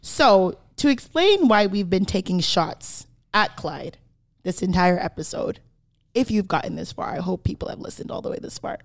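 Young woman, podcast co-host, casual chat, animated storytelling, swears freely, middle-pitched voice. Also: normal speed.

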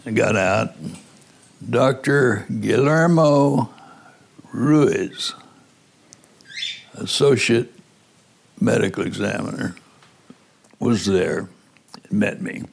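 An older man, a former prosecutor, slowly recalling events in an interview, with halting pauses. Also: lowish voice, vocal fry. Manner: slow, halting recollection.

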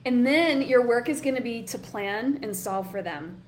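Woman, workshop coach, chatty and encouraging, somewhat high voice, faint noise behind. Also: expressive, moderate pace. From Southern US. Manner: chatty, encouraging, reads chat comments aloud. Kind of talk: live online workshop talk.

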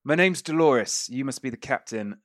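A man's voice: medium pitch, lively intonation, normal speed, a bit bright, no room sound, studio quality, voice pushed up, close to an everyday voice. A man voicing a tough, imperious female half-elf surgeon who talks bluntly and swears. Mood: brusque.

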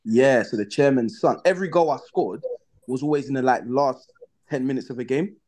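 Animated young footballer telling stories. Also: male voice, medium pitch, fairly quick. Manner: animated, slangy, acts out his own past reactions. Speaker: guest footballer. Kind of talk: casual storytelling in a podcast interview.

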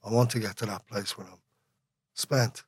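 A man's voice: lowish voice, fairly even intonation, normal speed, breathy edge, no room sound. A man with an Irish accent talking as an interview guest, rambling and candid, laughing often and swearing freely. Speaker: guest, musician. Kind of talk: casual conversational interview.

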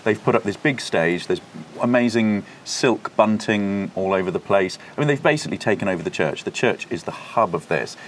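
A man's voice: on the low side, animated, brisk, hardly any pauses. A man co-hosting a podcast, talking enthusiastically and explaining history at length, recorded outside in a windy courtyard. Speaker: podcast co-host. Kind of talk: casual chat.

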